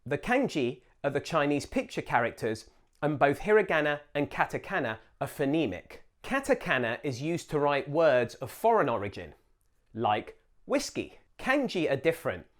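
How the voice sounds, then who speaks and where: A man hosting a show, giving a scripted educational narration in a clear, deliberate explainer manner. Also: a little high. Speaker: host.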